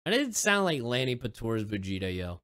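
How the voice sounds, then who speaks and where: A man's voice: mid-range voice, sing-song, a little fast, fairly bright tone, dry recording, clean studio sound. A man hosting a reaction video in casual commentary, exasperated and swearing, with sarcastic asides.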